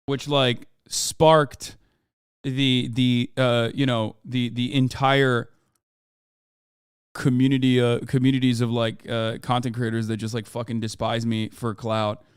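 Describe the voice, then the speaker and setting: A man streaming live, reacting to a video in rambling, animated casual talk full of fillers. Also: mid-range voice, measured pace, clear, resonant tone, dry recording, clean studio sound.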